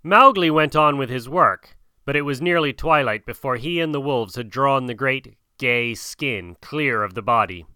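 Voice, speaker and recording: A male narrator reading a storybook with expressive, dramatic delivery. His voice is bright and crisp, with a lively, animated pitch. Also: moderate pace, no room sound, clean studio sound.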